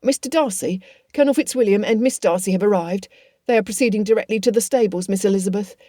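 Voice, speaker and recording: A woman reading an audiobook voices a household servant, announcing visitors in a brisk, formal way. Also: medium pitch, mellow, no echo, studio quality, close to an everyday voice.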